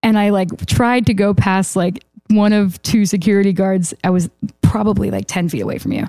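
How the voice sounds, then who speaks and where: A young adult woman, a songwriter guest on a podcast, telling a story in a quick, rambling way full of fillers. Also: mid-range voice, mellow, no room sound. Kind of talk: casual storytelling.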